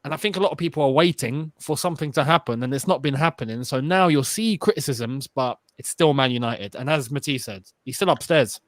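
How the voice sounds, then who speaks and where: A man's voice: mid-range voice, a little fast, few pauses, no echo. Emphatic young man, dry sound. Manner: emphatic, opinionated. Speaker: podcast co-host. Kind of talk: casual football chat.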